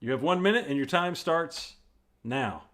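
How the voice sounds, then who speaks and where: A man's voice: on the high side, lively intonation, normal speed, fairly bright tone. A man hosting a live improv comedy game, calling time and bringing players in, laughing along. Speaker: improv show host.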